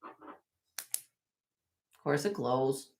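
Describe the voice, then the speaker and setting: A woman's voice: a bass voice, lively intonation, very slow, vocal fry, slight background noise. A woman hosting a casual live-stream jewelry sale, chatty and self-correcting, laughing often as she shows pieces to viewers.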